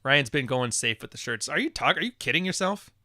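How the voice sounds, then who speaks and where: Man, podcast host, casual livestream talk, blunt and profane, bright voice, dry sound. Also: mid-range voice, lively intonation, fairly quick, no echo. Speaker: podcast host reading live chat.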